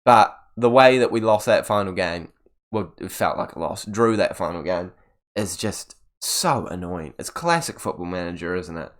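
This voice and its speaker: A young man commentating on his own video game, exasperated and swinging between loud outbursts and low muttering. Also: animated, moderate pace. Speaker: gaming video creator. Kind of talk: live gameplay commentary.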